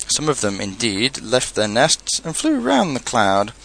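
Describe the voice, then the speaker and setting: A man narrates a children's storybook in an unhurried manner. His voice has a gravelly texture and moves through a lively range of pitch, and he drops into quiet asides between the characters' lines. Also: a little hiss or hum, rough recording. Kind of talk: storybook reading.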